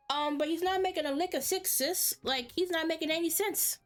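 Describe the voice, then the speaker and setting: A woman's voice: very high voice, a little fast, hardly any pauses, faint music behind. A woman streaming a game, reacting in casual, exclamatory chatter with frequent swearing. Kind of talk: casual gaming stream commentary.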